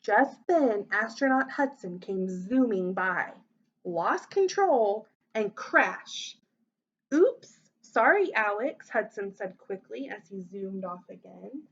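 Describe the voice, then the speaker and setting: A woman teacher reading a children's story aloud, voicing the characters with big expressive lifts in pitch. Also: slow, breathy edge, lo-fi sound.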